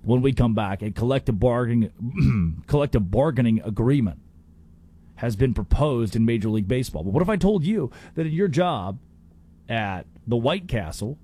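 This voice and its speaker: Animated male sports talk host. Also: mid-range voice, breathy edge. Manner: animated, opinionated, with quick restarts and playful impressions.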